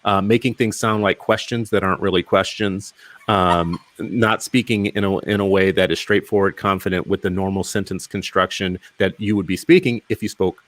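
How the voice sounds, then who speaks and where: Low-voiced emphatic male host. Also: fairly even intonation, moderate pace, fairly bright tone. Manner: emphatic, with rhetorical questions. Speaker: podcast host. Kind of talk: casual interview conversation.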